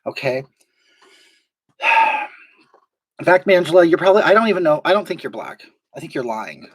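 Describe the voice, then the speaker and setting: Very animated and slightly rough, the medium-pitched voice moves at normal speed. It belongs to a performer acting as a brash, gossipy woman streamer in a live comedy stream, rambling and getting indignant as she reads chat out loud.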